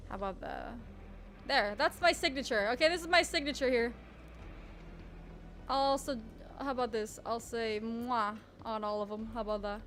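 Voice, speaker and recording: A woman's voice: a little high, normal speed, pauses often, fairly bright tone, a little hiss or hum. A woman streamer chatting casually while she draws, self-mocking and full of trailing restarts. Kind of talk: casual live-stream chat while drawing.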